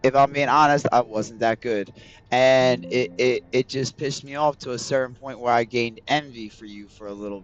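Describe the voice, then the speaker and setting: A man's voice: mid-range voice, clear, resonant tone, dull audio. A man streaming a video game, chatting casually with his viewers in a rambling, profane way. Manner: rambling, profane, talks straight to chat. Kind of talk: casual livestream chat with viewers.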